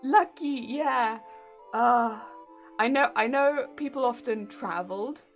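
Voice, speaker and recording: Young british woman, bright higher voice, giggly chatter, faint music behind. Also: takes it slowly. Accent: British English. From England. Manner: giggly and chatty, reacting to chat. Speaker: streamer. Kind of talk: casual live-stream chat.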